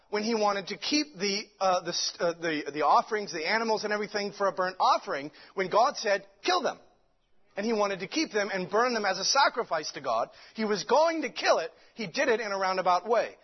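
A man's voice: sits high, animated, brisk. A man preaching a sermon with fervent delivery, stumbling over restarts and many fillers. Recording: dull lo-fi recording.

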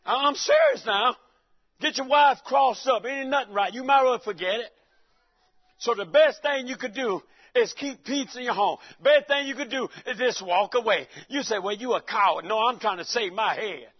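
A man's voice: very high voice, lively intonation, normal speed, husky. A male preacher giving a folksy, joking sermon in a church and calling out to the congregation. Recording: dull lo-fi recording.

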